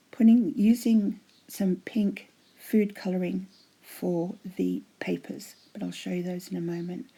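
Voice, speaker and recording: Gravelly, husky woman showing her crafts. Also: fairly low pitch, dark tone. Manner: chatty and gushing, drops to a breathy half-whisper. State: voice going hoarse. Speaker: craft vlogger showing giveaway prizes. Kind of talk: casual show-and-tell.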